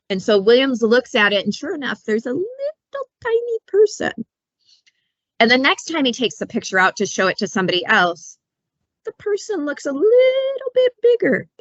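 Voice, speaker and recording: A woman's voice: mid-range voice, fairly bright tone, no room sound, dull audio. A woman librarian chatting casually about books, telling stories in a playful way with asides. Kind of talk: casual book talk.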